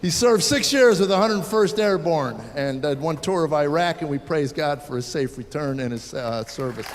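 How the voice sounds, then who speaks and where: Older stand-up guy, wry storyteller, highish voice, live hall with some crowd and background noise. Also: animated, moderate pace. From United States. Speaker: stand-up comedian. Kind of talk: stand-up comedy set. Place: theater stage before a live audience. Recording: live hall with audience laughter.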